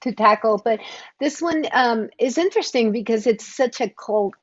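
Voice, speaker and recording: Woman, chatty livestream host, bubbly, higher voice, lo-fi muffled sound. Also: expressive, normal speed. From Oklahoma. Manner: bubbly, chatty, greeting viewers by name. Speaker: podcast co-host. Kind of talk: casual livestream chat. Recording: dull lo-fi stream audio.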